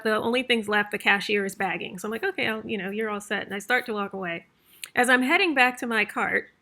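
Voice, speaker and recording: A woman's voice: fairly high pitch, creaky, pushed and bright. A woman vlogger telling a story in a chatty, rambling way, with many fillers and little laughs. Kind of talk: casual storytelling.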